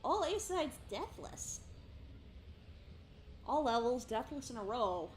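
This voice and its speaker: A woman's voice: on the high side, sing-song, slow pace, a little hiss or hum. A young woman streaming a game live, chatting playfully with self-mocking asides. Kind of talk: live gameplay commentary.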